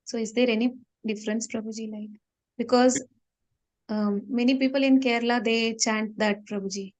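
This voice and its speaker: A woman, asking a question in an online class in a polite, halting way. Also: fairly high pitch. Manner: polite, halting, even-toned. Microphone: video call.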